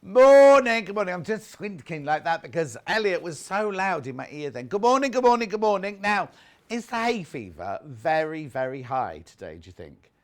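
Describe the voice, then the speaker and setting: A man's voice: fairly high pitch, big pitch swings, normal speed. A man presenting a live TV shopping show, chatting casually and reading out viewer messages. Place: TV studio.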